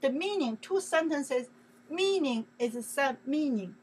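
A woman's voice: high-pitched, expressive, measured pace, rough recording. A Chinese woman teaching her native language online, explaining grammar in simple English with a Chinese accent, repeating points and checking in with "okay?".

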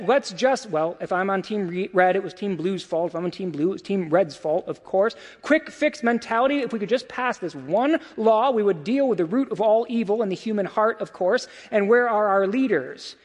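A male pastor delivering a sermon in a loose, conversational way, full of rhetorical questions and asides. His voice sits high for a man. The sound carries a long reverb tail from a large church hall. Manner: conversational preaching, rhetorical questions, frequent "right?" and "of course". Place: church sanctuary.

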